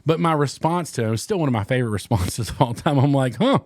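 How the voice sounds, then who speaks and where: A man's voice: medium pitch, lively intonation, quick pace, darkish tone, no room sound. A man hosting a fishing channel, chatting casually and candidly to camera in a rambling, joking way.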